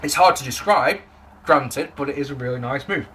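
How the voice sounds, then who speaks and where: A man's voice: medium pitch, normal speed, a bit bright, slight background noise. A young man giving a casual, jokey, sweary spoken wrestling review to camera.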